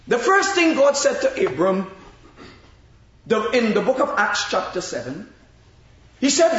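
Slow, echoey high-voiced male preacher. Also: fairly bright tone. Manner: slow, emphatic preaching with long pauses. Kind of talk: sermon. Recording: very echoey, dull-sounding room.

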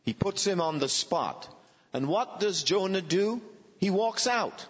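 A man reflecting deliberately in a Bible study discussion. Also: sits high, expressive, a bit bright, slightly rough. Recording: dull recording with long hall reverb.

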